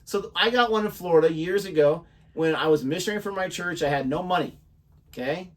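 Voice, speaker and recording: A man's voice: on the high side, fairly quick, far from the mic. A young American man, co-host of a reaction channel, telling a story in casual chat and acting out the voices of the people in it. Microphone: desk microphone.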